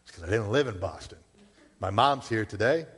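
A man's voice: lowish voice, animated, a little fast, a bit bright, husky. A man from Massachusetts, a pastor, preaching a sermon in a conversational way, with rhetorical questions and casual asides. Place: church. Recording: long hall reverb.

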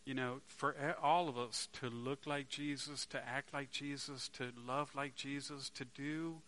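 A man's voice: medium pitch, steady tone, a little slow, a bit bright. A man preaching a sermon to a congregation in a conversational way, asking them rhetorical questions and restarting words as he searches for them.

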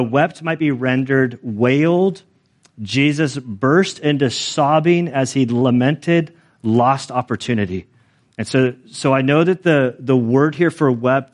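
Conversational man preaching a sermon. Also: mid-range voice. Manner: conversational, self-deprecating preaching with frequent restarts and asides. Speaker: pastor.

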